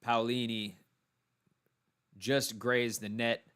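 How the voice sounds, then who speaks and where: Texan guy calling tennis live, calm play by play, regular mid voice, short asides. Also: mid-range voice, takes it slowly, clean tone. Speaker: tennis commentator. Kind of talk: live solo watchalong commentary.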